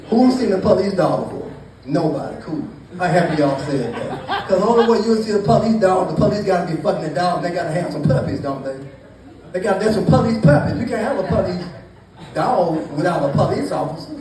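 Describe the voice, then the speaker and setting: Profane stand-up comic in an echoey room. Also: male voice, high voice, a little mellow. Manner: loose, profane, teasing the audience. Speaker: stand-up comedian. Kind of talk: stand-up storytelling to a live crowd. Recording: echoey, distant mic with noise.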